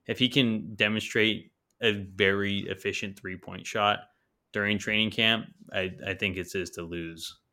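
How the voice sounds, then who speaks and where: A man's voice: fairly low pitch, sharp tone. A man co-hosting a casual sports podcast, talking with enthusiasm and casual slang.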